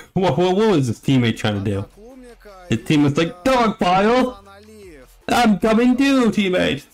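A young man giving a casual play-by-play reaction, rambling and joking with frequent exclamations. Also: mid-range voice. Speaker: reaction commentator.

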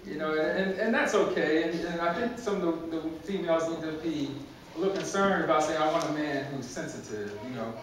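A man with a slightly high, brisk and somewhat bright voice gives a conversational, humorous sermon in a church sanctuary, repeating words and chuckling at his own jokes. It was recorded from far off in a very echoey hall, with slight background noise.

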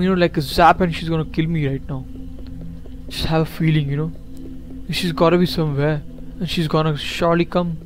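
A man's voice: on the high side, steady tone, a little fast, a little hiss or hum. Jittery man nervously narrating a horror game. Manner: jittery, repeats himself, talks to viewers. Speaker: gameplay commentator.

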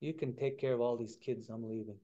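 A man's voice: medium pitch, steady tone, brisk, mellow, highs cut off, natural voice. A man voicing a fed-up mother badger in a told story, curt and done with it.

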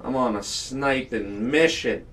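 A man's voice: medium pitch, slow pace, a bit bright. A man streaming a shooter game, teasing his friends, laughing and swearing as he plays. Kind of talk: casual gaming stream chat. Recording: distant voice, faint noise.

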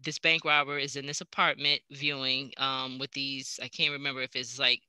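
A woman's voice: very deep voice, moderate pace, smooth, no room sound. A woman librarian chatting casually about a book, retelling scenes and acting out quoted lines. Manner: animated, acts out quoted lines. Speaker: librarian co-host.

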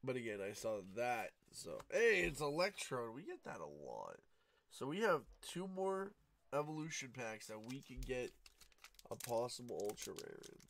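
A man hosting a card-opening video, talking in a sleepy, low-key, fairly monotone way, groggy from just waking up. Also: normal speed, a little hiss or hum. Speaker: card-opening channel host. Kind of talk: casual pack-opening commentary. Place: home room at night, cat nearby.

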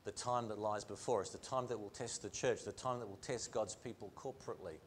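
A man's voice: on the low side, a little fast, slight background noise. A male pastor preaching a sermon in a church, earnest, with repeated phrases and rhetorical questions. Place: church sanctuary.

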